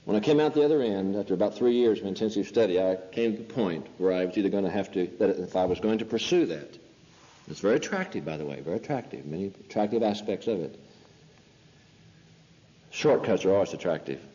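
Male preacher, mellow voice, pressing rhetorical questions; dull old recording in a reverberant hall. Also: fairly low pitch, brisk. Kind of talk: sermon.

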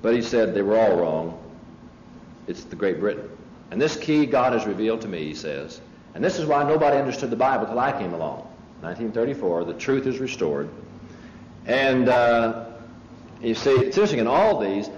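Low-voiced man preaching on dull old tape. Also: very animated, moderate pace, a little mellow, roomy sound. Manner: emphatic, storytelling, frequent restarts and asides to listeners. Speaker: preacher lecturing on a religious movement. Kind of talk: conversational sermon-style lecture with anecdotes. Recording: dull lo-fi tape with faint hiss.

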